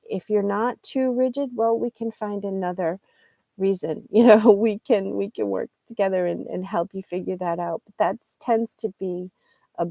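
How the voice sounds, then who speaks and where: A woman gives an online English lesson at an unhurried, deliberate pace. Her voice is mellow and warm, and she pauses often to find her words and correct herself. The recording is dry and close, with no room sound. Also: mid-range voice, gravelly, no room sound. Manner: slow, thoughtful, explains with pauses and self-corrections. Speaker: English teacher.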